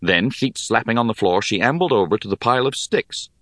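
A man reading a story aloud in measured, expressive narration. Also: mid-range voice, dry recording, studio quality. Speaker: audiobook narrator. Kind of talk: scripted narration.

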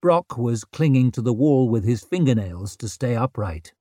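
A man narrating an audiobook in a measured, wry storytelling manner. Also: medium pitch, animated, mellow, no room sound, clean studio sound.

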